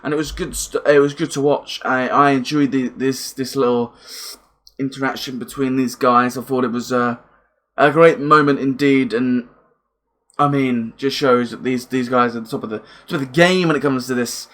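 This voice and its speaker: A young man reviewing a wrestling event in a casual, excitable, rambling way, swearing freely and repeating himself. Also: medium pitch, normal speed.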